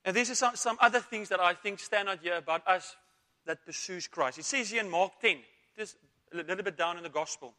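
A man's voice: high voice, brisk, bright, forceful tone. A man preaching a sermon, asking rhetorical questions, calling for amens and repeating words as he goes. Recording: long reverb of a church hall.

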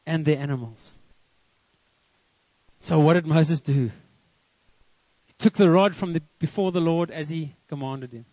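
A man preaches with a high voice, stopping often to put questions to his listeners. The recording is close and dry. It sounds a little muffled. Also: unhurried, pauses often, no echo. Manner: lively, asks the congregation questions. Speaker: pastor. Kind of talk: sermon.

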